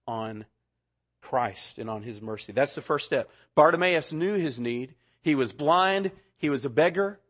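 Guy preaching a sermon, kinda high voice, gets loud then drops real quiet. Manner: dynamic preaching, swings from loud to hushed. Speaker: pastor.

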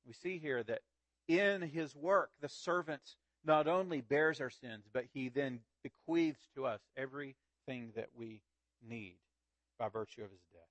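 A man preaching a sermon, reading a story aloud in a slow, dramatic way with big swings in loudness. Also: mid-range voice, dry recording. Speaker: pastor.

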